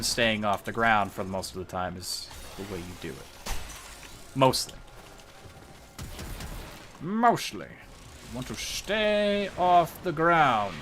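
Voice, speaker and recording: In a pushed, bright mid-range voice, a male game streamer casually walks viewers through his build while playing, chatting and explaining as he goes. There's slight background noise in the recording.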